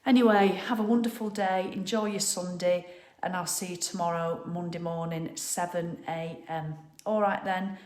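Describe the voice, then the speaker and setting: A middle-aged woman hosts a live stream from her home living room, chatting cheerfully and bluntly with viewers, throwing in mild swearing and laughter. Her voice is fairly low, steady and a little mellow, at a normal pace with hardly any pauses.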